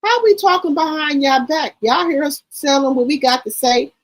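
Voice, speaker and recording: A woman doing a blunt, sharp-tongued old mother. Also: high voice, normal speed, pitched above the performer's own voice, lightly acted. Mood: insistent.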